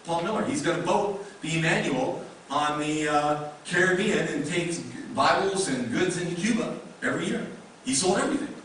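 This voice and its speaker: A man's voice: on the high side, expressive, normal speed, a bit bright, a little hiss or hum. A male pastor preaching a sermon in a conversational way, with many rhetorical questions. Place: church sanctuary. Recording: echoey room mic from a distance.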